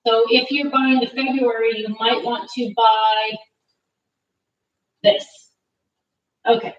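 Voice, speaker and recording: A woman in her thirties hosting a live craft stream, chatting casually and talking loudly because she has no mic and the cameras are far away. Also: high-pitched, muffled recording. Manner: chatty, self-deprecating, talks loudly to reach distant cameras. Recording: distant, unmiked room sound.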